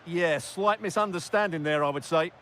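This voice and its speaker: A man giving colour commentary for a football video game, with measured, agreeable replies. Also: on the high side, bright, forceful tone, a little hiss or hum.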